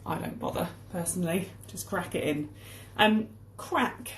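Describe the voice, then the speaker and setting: A woman with a lowish, unhurried voice bakes at home while teaching a relaxed English lesson, defining words along the way. The kitchen sounds echoey, and there's background noise.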